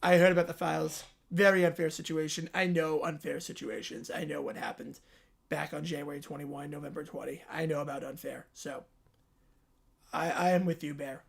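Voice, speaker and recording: A man impersonating a boastful older male politician with slow, repetitive bragging and drawn-out superlatives. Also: a little high, fairly even intonation, creaky, breathy edge, voice pushed down. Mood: sympathetic.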